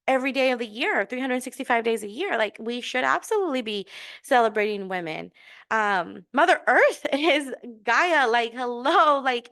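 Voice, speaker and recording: Chatty, laughing woman telling stories. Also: fairly high pitch. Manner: laughing, chatty, many restarts and fillers; warm and encouraging. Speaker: podcast host. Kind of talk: casual storytelling monologue.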